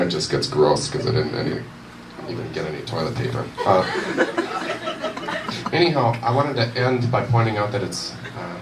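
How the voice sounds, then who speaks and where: A young man telling a rambling, self-deprecating stand-up story at a university comedy night. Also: low voice. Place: university event room with audience. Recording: roomy echo, distant mic, audience noise.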